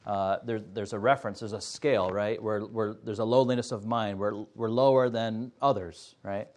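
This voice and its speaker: A man teaching a Sunday school Bible class, explaining step by step in an earnest way with frequent pauses. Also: on the low side, steady tone, darkish tone.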